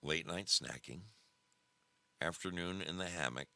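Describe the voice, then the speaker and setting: A man hosting a casual livestream, animated and emphatic, often repeating himself. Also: deep voice, unhurried, creaky, no room sound. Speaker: show host.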